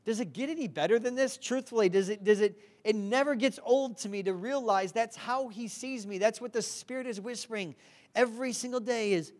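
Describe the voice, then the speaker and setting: A woman's voice: fairly high pitch, a little fast, darkish tone. A woman preaching a sermon, earnest and direct, who often asks the congregation to respond.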